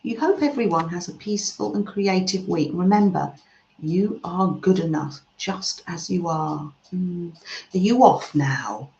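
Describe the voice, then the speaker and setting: Casting: unhurried woman, soft murmuring crafter's voice, roomy and slightly muffled home recording. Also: lowish voice, slight background noise. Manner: soft-spoken, murmurs "mm" often, trails off mid-sentence. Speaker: craft live-stream host reading chat. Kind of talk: slow, gentle chat while crafting.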